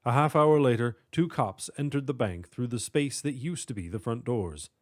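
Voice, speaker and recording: A man narrating a story in a steady, measured way. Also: mid-range voice.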